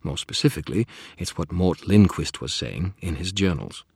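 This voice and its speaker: A man's voice: low voice, animated, moderate pace, creaky, darkish tone, slightly rough, no echo, studio quality, heavily acted. A man reading an audiobook and voicing a chatty, know-it-all male spirit who rambles and wisecracks. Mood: matter-of-fact. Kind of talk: audiobook character voice.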